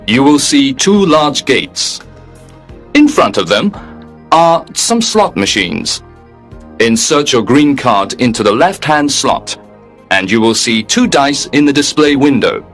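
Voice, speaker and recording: A man doing a courteous heavenly clerk, formal, detached, lively intonation, faint music behind. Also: mid-range voice. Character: polite, unbending male receptionist at heaven's gate.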